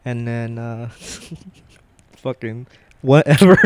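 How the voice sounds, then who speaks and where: A warehouse worker rambles through stories from his job in casual chat, swearing plenty and laughing often. His mid-range voice has a darkish tone and moves at normal speed, with no echo.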